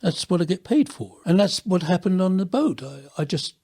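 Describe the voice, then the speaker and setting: A man, a former pirate radio DJ, telling stories of his days on the ship with lively laughs and hushed moments. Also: high voice, moderate pace, breathy edge. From England. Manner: animated storytelling with laughs, drops to near whisper. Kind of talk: reminiscing interview.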